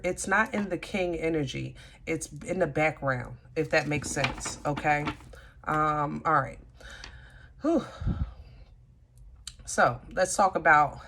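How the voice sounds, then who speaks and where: Low-voiced chatty tarot reader woman. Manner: chatty, thinks aloud, talks to the cards. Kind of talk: casual tarot reading.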